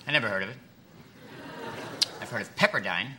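A man's voice: fairly low pitch, animated, a little fast, background noise, lightly acted. An actor playing a rude, scatterbrained boss in a comedy sketch, talking bluntly and dragging out his words. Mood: baffled, pushy. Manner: blunt, rambling, drags out words. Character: rude scatterbrained middle-aged male boss.

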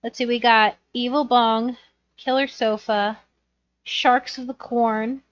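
A woman's voice: on the high side, steady tone, slow. A woman co-hosting a podcast, teasing playfully and laughing often in casual chat. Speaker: podcast co-host. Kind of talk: casual chat about a bad movie. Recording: slightly dull, lo-fi sound.

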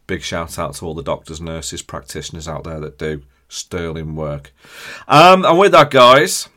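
A man hosting a podcast, hoarse from a chest infection, rambling and ranting jokily in casual chat. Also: fairly low pitch, fairly bright tone. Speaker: podcast host.

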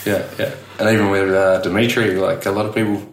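An Australian man with a fairly low, flat voice chats briskly as an interview guest, rambling with plenty of fillers and laughs. He owns a tattoo studio. The room is echoey, with soft music in the background.

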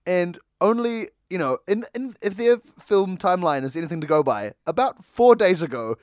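A man's voice: high voice, lively intonation, moderate pace, no room sound, clean studio sound. A man co-hosting a casual movie podcast, joking and laughing often. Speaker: podcast co-host.

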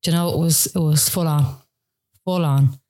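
Low-voiced woman recounting her story. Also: steady tone, moderate pace, warm tone. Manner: tearful retelling with many fillers, earnest. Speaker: guest. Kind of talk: personal story in a podcast interview.

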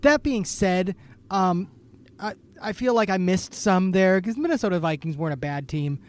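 A podcast co-host from Idaho, USA, chats casually and cracks jokes, his speech full of ums and restarts. His voice is high-pitched and somewhat dark in tone, at a moderate pace.

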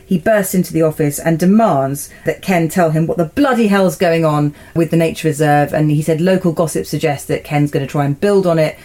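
A woman with a somewhat low voice chats through a TV episode as a podcast co-host. She sounds amused and laughs often. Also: fairly quick, hardly any pauses, dark tone. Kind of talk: casual chat recapping a TV episode.

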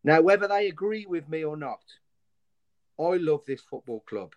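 A man's voice: fairly high pitch, animated, moderate pace, highs cut off. A man speaking as a passionate football fan, angry and emphatic, often repeating himself for force. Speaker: fan guest. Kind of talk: impassioned fan chat.

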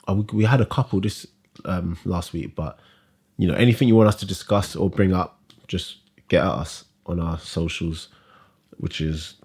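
A husky, slightly breathy male voice. He co-hosts a casual podcast chat, speaking low and relaxed and often trailing off mid-thought. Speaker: podcast co-host.

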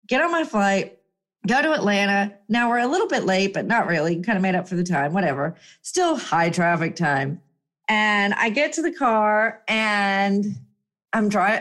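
A woman telling a personal story in a chatty, emphatic way, her voice jumping up when excited. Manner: chatty, animated, emphatic with swings up in pitch. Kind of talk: casual storytelling monologue.

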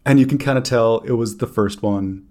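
A man's voice: mid-range voice, moderate pace, a little mellow. A man hosting a podcast in casual chat, dry and teasing, with some filler. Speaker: podcast host.

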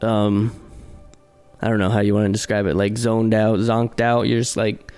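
A man's voice: lowish voice, monotone, moderate pace, darkish tone, clear, resonant tone, soft background music. A man co-hosting a podcast, explaining things in a laid-back, casual way. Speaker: podcast co-host. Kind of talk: casual chat.

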